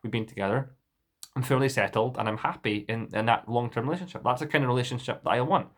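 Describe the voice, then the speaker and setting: A man's voice: mid-range voice, fast, fairly bright tone. A young man talking to camera in a casual vlog, earnest and rambling, with restarts and fillers. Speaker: vlogger.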